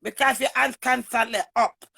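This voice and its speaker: A woman with a Jamaican accent giving a heated, emphatic livestream rant to her viewers, swinging from loud bursts to low mutters. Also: steady tone, moderate pace, vocal fry, husky. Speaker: online personality.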